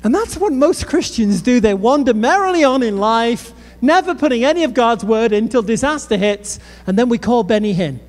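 A man's voice: very high-pitched, moderate pace, few pauses. A British man preaching a sermon, telling funny stories and speaking straight to the crowd. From Britain. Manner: lively storytelling with humor and asides to the crowd. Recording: long reverb of a large hall.

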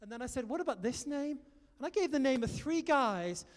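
A British man delivers an animated sermon, trading stories for direct appeals to his listeners. His voice sits high. The sound carries a long hall reverb. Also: a little fast. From Britain. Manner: animated storytelling, exhorting the audience. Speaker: preacher.

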